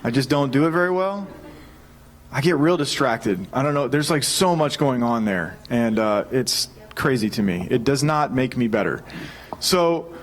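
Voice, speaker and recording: A man in his thirties preaching a sermon, telling a personal story in an energetic, joking way. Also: mid-range voice, moderate pace. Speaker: pastor.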